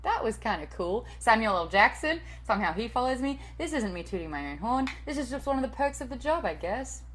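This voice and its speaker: A woman's voice: fairly high pitch, sing-song, fairly quick, fairly bright tone, slight background noise, rough recording. A woman in her late thirties, a TV and radio host and voice-over artist, answering interview questions in a chatty, self-deprecating way with the odd swear word.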